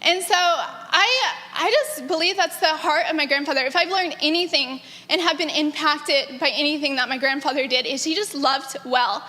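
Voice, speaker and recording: A woman in her thirties gives a personal testimony, her voice high and sharply bright. She talks earnestly and with animation, often laughing. The long reverb of a large hall trails every phrase. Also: moderate pace. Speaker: granddaughter sharing memories. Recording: echoey hall.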